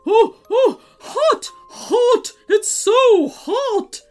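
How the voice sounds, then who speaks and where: A woman's voice: mid-range voice, big pitch swings, soft background music. A woman voicing a sneering grumpy dragon. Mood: pained. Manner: slow, sneering and boastful. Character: grumpy hot-headed male dragon.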